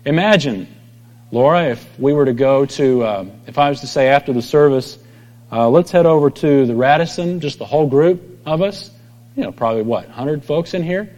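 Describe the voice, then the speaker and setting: A man's voice: fairly high pitch, moderate pace, darkish tone. Middle-aged guy preaching, chatty storytelling, acts out the quotes, big hall echo. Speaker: pastor. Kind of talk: sermon. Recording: long hall reverb.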